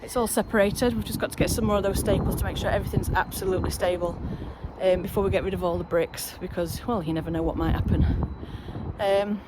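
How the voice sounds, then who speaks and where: A chatty woman rambles through a casual gardening vlog, talking at an easy middle pitch and cheering herself on as she goes. She is outdoors on an allotment, and wind and passing traffic come through clearly behind her. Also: steady tone, fast. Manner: chatty, rambling, self-encouraging. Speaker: allotment vlogger.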